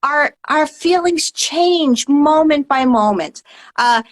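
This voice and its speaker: High-pitched woman, mindfulness teacher, calm and earnest interview guest. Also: low-quality recording. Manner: calm, earnest, explanatory, many "right?" tags. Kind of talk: interview answers.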